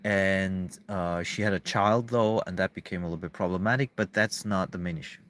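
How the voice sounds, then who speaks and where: A man's voice: low voice, steady tone, a little fast, a bit bright. A man in a casual, rambling monologue to camera, emphatic, swearing often and restarting his sentences. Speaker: vlogger.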